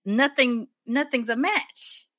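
A woman's voice: fairly high pitch, slow pace, fairly bright tone, no room sound, studio quality. A woman co-hosting a podcast, speaking her mind emphatically with swearing and laughing asides in casual chat. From Sacramento Valley, California. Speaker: podcast co-host.

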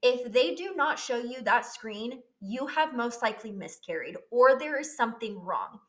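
Woman with a higher voice, candid. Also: lively intonation, moderate pace, fairly bright tone. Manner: candid and emotional, swears freely. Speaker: vlogger. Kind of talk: personal storytelling.

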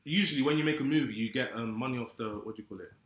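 A man's voice: medium pitch, rapid-fire. A young man, chatting casually and confidently with friends, giving strong opinions. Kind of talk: casual group chat. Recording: roomy echo.

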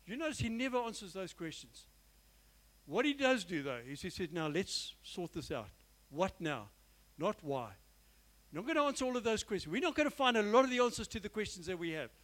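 High-voiced preacher, earnest. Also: male voice, very animated, quick pace, a bit bright, poor audio. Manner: earnest, emphatic preaching with repeated phrases and direct address. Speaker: pastor. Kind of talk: sermon. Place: church.

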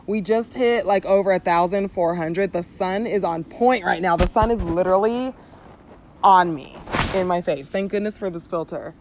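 Recorded in a backyard with slight background noise, this Southern Californian podcast co-host is a young woman with a lowish, darkish voice at a moderate pace. She chats casually, using many fillers and laughing often.

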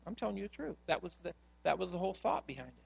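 A pastor in a sanctuary delivers his sermon with a fairly high voice. He tells stories with animation and acts out the voices in them. Long reverb from the hall trails his words. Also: animated, very fast, creaky, husky, lo-fi sound.

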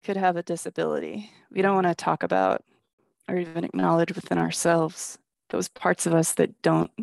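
A woman speaking in a relaxed chat with a gravelly edge to her voice, recorded close and dry. She tells her stories animatedly and acts out the lines of the people in them. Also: fairly low pitch, moderate pace, dry recording. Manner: animated storyteller, acts out quotes. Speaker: guest, shelter project manager. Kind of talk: casual conversation.

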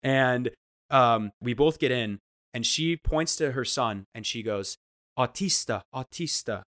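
A man telling a funny story in casual chat, animated and acting out the voices he quotes. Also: medium pitch, unhurried. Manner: animated, acts out quoted voices, restarts often. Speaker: guest storyteller.

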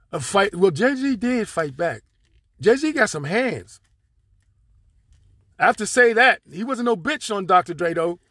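A man's voice: high-pitched, a bit bright, no echo, studio quality. A man from Pittsburgh hosting a solo podcast, talking in a rambling, streetwise, profane way with lots of fillers, speaking from his car. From Pittsburgh, USA. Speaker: podcast host.

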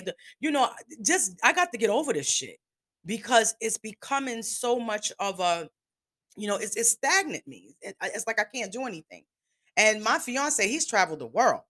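A woman's voice: on the low side, bright, forceful tone. A woman around fifty talking candidly and emotionally in a rambling personal podcast monologue, with some swearing. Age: 50s. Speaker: podcast host.

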